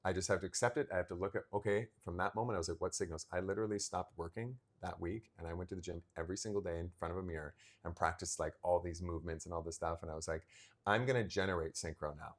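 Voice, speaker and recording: A man in his thirties, co-hosting a casual podcast chat and telling a personal story, acting out the remembered dialogue with animated energy. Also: low voice, rapid-fire, few pauses. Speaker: podcast co-host.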